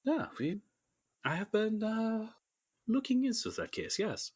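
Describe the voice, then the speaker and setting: A man's voice: sits high, sing-song, unhurried, darkish tone, breathy edge, voice pushed up, full character voice. A man putting on a hammy French asylum doctor. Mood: welcoming. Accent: put-on French. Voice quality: hammy mock-French delivery. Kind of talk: tabletop role-play character voice.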